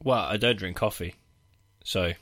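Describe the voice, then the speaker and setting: A man's voice: on the low side, a little slow, a bit bright. A man, co-hosting a film podcast in casual chat, swearing freely and restarting his sentences. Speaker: podcast co-host.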